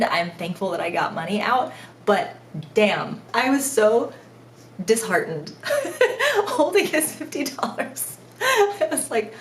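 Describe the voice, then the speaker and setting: A young woman, a mother and vlogger, telling a travel mishap story in an animated, self-mocking way with frequent laughter. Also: on the low side, reverberant, slight background noise. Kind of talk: storytime vlog.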